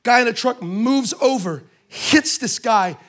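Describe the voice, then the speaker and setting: A man speaking to a church audience, telling a humorous story with lively, joking asides. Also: very high-pitched, measured pace. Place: in front of a live audience in a room.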